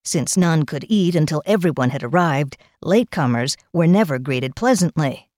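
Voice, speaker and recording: Lower-voiced woman reading a novel. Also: animated, a little mellow, no room sound, clean studio sound. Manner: measured storybook reading. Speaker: audiobook narrator. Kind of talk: scripted narration.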